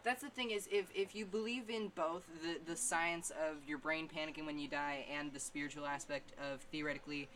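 Podcast guest, mid pitch, supportive chatty listener. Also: steady tone, fairly quick, hardly any pauses, a bit bright, a little hiss or hum. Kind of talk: casual conversation.

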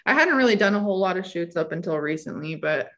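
A woman's voice: on the low side, animated, fast talker. A young woman, a photographer and guest, telling stories in an easygoing way with lots of fillers. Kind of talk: casual storytelling.

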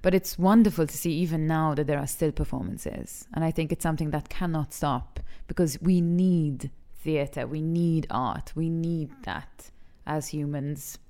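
A young adult actress from Malta, speaking openly and with feeling in an interview, laughing easily. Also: female voice, low voice, measured pace, hardly any pauses, warm tone. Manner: candid and emotional, laughs easily. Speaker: actress and TV talent show judge. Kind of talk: frank interview conversation.

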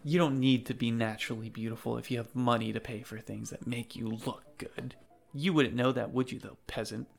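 A man's voice: fairly even intonation, fairly quick, vocal fry, faint music behind, natural voice. A man voicing a vain, spoiled rich young woman bully who curses and shrieks. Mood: sneering. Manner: foul-mouthed, shrill and furious.

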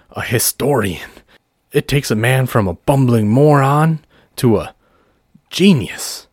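A man playing a booming snake-oil showman doctor. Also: dry recording, clean studio sound. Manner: booming carnival barker pitch, bossy and sly.

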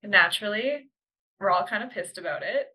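A woman's voice: mid-range voice, expressive, normal speed, pushed and bright, rough recording. A woman with a Canadian accent co-hosting a podcast, explaining the news and correcting herself as she goes. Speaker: podcast co-host.

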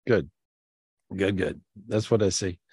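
Low-pitched and slightly rough, this man speaks at a measured pace in a dry, close recording with no room sound. He's a spiritual healer and show host running a live video-call healing session, warm, affectionate and eager, effusively repeating himself.

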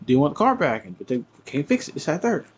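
A man tells a story on a casual podcast, switching into the voices of the people in it. His voice sits a little high and swings up and down with lively energy. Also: fast talker, slight background noise. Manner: animated, acts out quotes of family. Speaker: podcast co-host.

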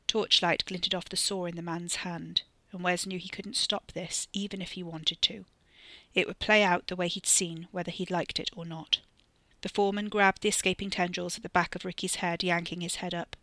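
A narrator and author reading a scripted horror story with steady, varied emphasis on a close mic. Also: medium pitch, moderate pace, dry recording.

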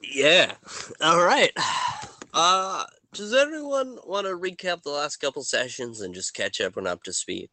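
A man's voice: on the high side, big pitch swings, unhurried, pushed and bright, a little hiss or hum. A man hosting as dungeon master, chatting loosely, laughing and swearing casually. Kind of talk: casual tabletop game chat.

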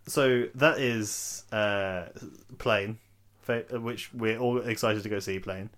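A man's voice: fairly low pitch, steady tone, slow pace, a bit bright. Giggly man asking questions. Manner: laughs a lot, stumbles and restarts while reading a summary. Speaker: podcast co-host. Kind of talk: casual chat.

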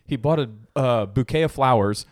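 A man's voice: medium pitch, moderate pace, no echo, clean studio sound. A man co-hosting a podcast, telling stories in casual chat, laughing often and acting out voices. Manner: acts out voices in anecdotes. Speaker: podcast co-host.

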